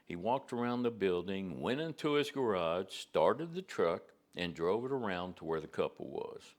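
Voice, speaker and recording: A man's voice: sits low, expressive, normal speed. A man preacher telling a story in a homespun, conversational way. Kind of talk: storytelling to a congregation.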